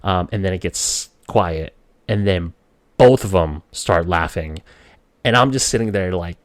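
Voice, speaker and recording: A man with a low voice, from the Philippines, tells a story from his own life in a casual, chatty way. The recording is dry and close, with no room sound. When he quotes himself as a child, his voice leaps up high. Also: unhurried, dry recording. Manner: relaxed conversational, voice jumps high when quoting his child self.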